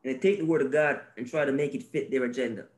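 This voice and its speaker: A male podcast co-host in faith-based conversation, animated and preachy, acting out little scenes and repeating his key phrases. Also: mid-range voice, fast talker.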